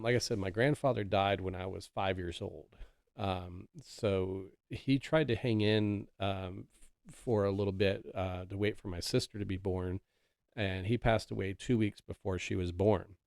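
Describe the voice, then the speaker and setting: A male podcast host tells a story in a loose, rambling way, full of ums and restarts. His voice sits low with a gravelly edge. The sound is dry and close, with no room around it. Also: a little slow, darkish tone, no echo. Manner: rambling, filler-heavy, conversational. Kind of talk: casual storytelling.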